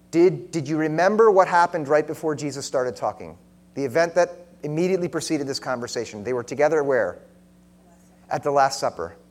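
A man delivering a sermon with an earnest, direct manner. His voice sits a little high for a man. He questions his listeners often and slips into soft, intimate tones to drive points home. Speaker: preacher.

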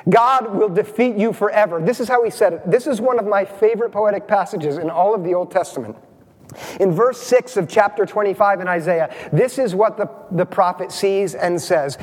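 A man's voice: high-pitched, a little fast, big-room sound. A man preaching a sermon as pastor, engaging his congregation with frequent questions.

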